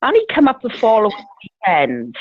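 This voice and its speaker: A woman's voice: on the high side, wildly swooping pitch, a little fast. Laughing woman on a tinny phone line. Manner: rambling, laughs often, swears. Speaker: caller telling a story. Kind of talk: casual storytelling chat.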